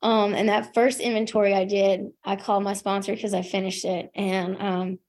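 A young woman talks openly about her recovery at a meeting. She keeps it casual and self-deprecating and fills her sentences with "like" and "you know". Her pitch sits in the middle for a woman. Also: little pitch movement, moderate pace, a little mellow. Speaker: recovering alcoholic sharing her story. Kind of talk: candid personal share at a recovery meeting.

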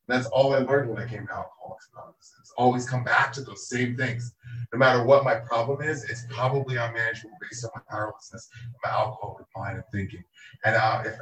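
An earnest man reflects on his recovery at a meeting. His voice sits at a middle pitch and sounds distant, with a clear echo around it. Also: fairly bright tone. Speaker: AA meeting member sharing. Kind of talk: personal recovery share. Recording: echoey room, distant mic.

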